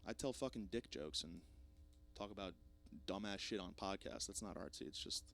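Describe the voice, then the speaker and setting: A young man hosting a podcast, rambling through a jokey, self-deprecating solo monologue with plenty of swearing, swinging between loud bursts and mumbled asides. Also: low-pitched, moderate pace, creaky, faint music behind. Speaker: podcast host.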